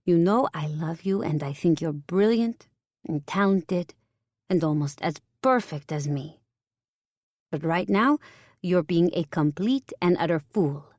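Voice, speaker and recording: A woman's voice: lowish voice, expressive, a little slow, a little mellow, no echo, studio quality. A woman voicing a blunt, theatrical French woman friend with a French accent, frank and teasing.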